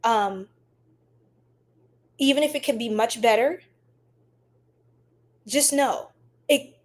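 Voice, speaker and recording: A woman hosting a livestream tarot reading, chatting affectionately with viewers and reading their comments aloud. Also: on the high side. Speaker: tarot reader livestream host.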